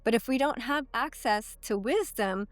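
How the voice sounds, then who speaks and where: A woman in her thirties, a coach appearing as a podcast guest, explains ideas in a teacherly manner during an interview, frequently checking in with "okay?" and "right?". Her voice is on the high side, her pace moderate, and there's no room sound.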